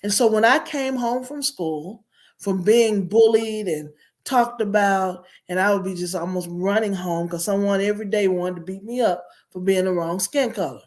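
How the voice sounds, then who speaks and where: A woman's voice: medium pitch, normal speed, darkish tone. Middle-aged woman, earnest, reflective, telling her life story on a talk show. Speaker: guest. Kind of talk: personal storytelling.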